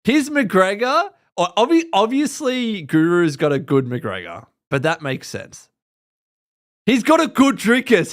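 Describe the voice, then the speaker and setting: A man chatting casually on a livestream. His pitch swings widely as he talks, and he laughs often and trails off mid-thought. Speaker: podcast host. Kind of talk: casual live-stream chat.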